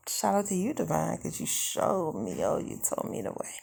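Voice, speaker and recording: A young adult woman tells her life story to the camera in a frank, unpolished, conversational way. Her voice sits low and carries a heavy rasp of vocal fry. She speaks bluntly, as if talking to friends. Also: very animated, moderate pace, a little mellow. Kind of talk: casual first-person life story.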